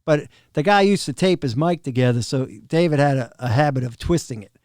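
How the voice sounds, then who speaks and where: A middle-aged man spins road anecdotes in a lively, laughing way, his voice sitting a bit high for a man. The sound is close and dry, with no room around it. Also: brisk, no echo. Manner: animated, laughs often, acts out quoted people. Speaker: professional drum tech, podcast guest. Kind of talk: casual storytelling of road anecdotes.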